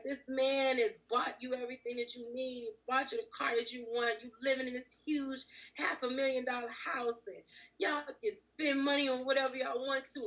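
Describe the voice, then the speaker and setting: A woman sharing a personal testimony in casual chat, animated and quick to laugh. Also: high voice, distant mic, muffled recording. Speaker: podcast host.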